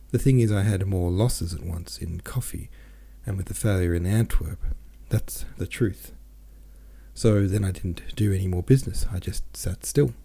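In an audiobook reading, a man with a low, creaky voice and a dark tone plays an anxious, self-pitying middle-aged merchant who rambles on in a plaintive, restless manner.

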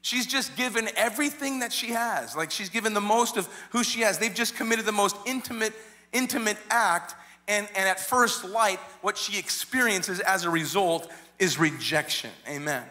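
Male pastor, high bright voice, animated storytelling sermon, repeats himself often. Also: normal speed. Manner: frequent repeated words and restarts.

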